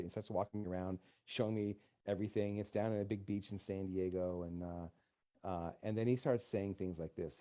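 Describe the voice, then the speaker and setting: A man's voice: on the low side, lively intonation, a little fast, darkish tone. A man, a counselor, telling stories in a casual radio talk and acting out the dialogue. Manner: storytelling, acts out quoted dialogue. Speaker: counselor guest. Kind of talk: casual podcast conversation.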